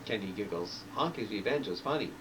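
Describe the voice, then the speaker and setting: A man reading his own novel aloud, narrating in a low, quiet way with halting restarts. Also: lively intonation, far from the mic, noisy background.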